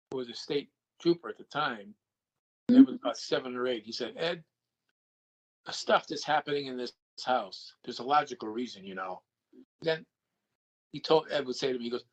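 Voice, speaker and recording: A man's voice: medium pitch, rough recording. An older man, a guest, telling a personal anecdote and acting out the dialogue he quotes. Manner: animated storyteller who acts out quoted dialogue.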